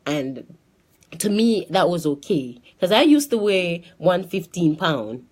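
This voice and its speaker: This woman tells her personal testimony slowly, in a fairly low-pitched voice. Her delivery is lively: she frequently starts sentences over and performs the words of others.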